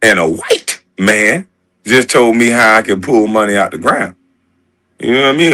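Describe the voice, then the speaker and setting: Hosting a laid-back livestream, this man has a fairly low voice that sounds pushed and bright at a normal pace. He swears freely, cracks jokes and laughs as he goes.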